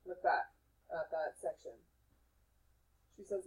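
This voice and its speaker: A woman's voice: sits low, steady tone, measured pace, pauses often, breathy edge, low-quality recording. Woman teacher prompting her class. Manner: questioning, prompting, casual.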